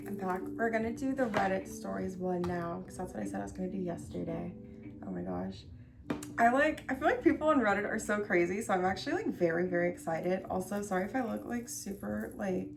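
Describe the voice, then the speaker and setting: A woman's voice: medium pitch, creaky, background noise. A young woman streaming, chatting casually and bubbly, full of likes and little gasps. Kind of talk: casual chat. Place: warm room indoors.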